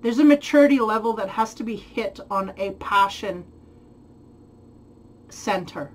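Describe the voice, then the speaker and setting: A woman with a mid-range voice talks through a spiritual tarot reading. She thinks aloud, pauses to find the right words and laughs lightly at herself now and then. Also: mid-range voice, lively intonation, a little hiss or hum, low-quality recording. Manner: thoughtful, searching for words, frequent light laughs. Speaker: tarot reader.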